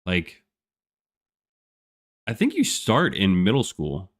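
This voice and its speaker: A young streamer talks casually over live gameplay, laid-back and rambling, with plenty of "like" fillers and laughs. His low voice swoops wildly in pitch, and he speaks slowly.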